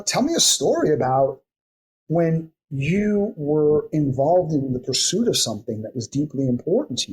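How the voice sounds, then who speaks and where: A very husky, raspy man guesting on a podcast as a coaching expert. His pitch swings up and down a lot as he reels off chains of questions to a client, and he now and then acts out the client's answers. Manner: teaching by firing off strings of coaching questions; acts out client replies in quick asides. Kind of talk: podcast interview explanation.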